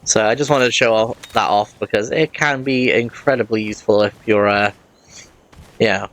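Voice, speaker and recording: A man's voice: on the low side, steady tone, moderate pace, a bit bright. Rambling man narrating gameplay. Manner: rambling, often corrects himself mid-sentence. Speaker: let's play host. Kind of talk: casual gameplay commentary.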